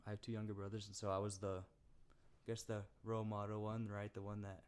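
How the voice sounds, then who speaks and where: A man's voice: fairly low pitch, completely flat delivery, fairly quick, a little mellow, clear, resonant tone. A young man chatting on a podcast, easygoing and joking. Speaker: podcast guest. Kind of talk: casual podcast chat.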